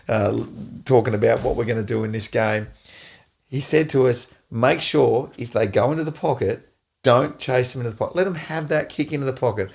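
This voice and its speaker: A middle-aged Australian man hosting a podcast, an animated storyteller who laughs often. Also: on the low side, vocal fry. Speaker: podcast host, former footballer. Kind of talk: casual storytelling chat.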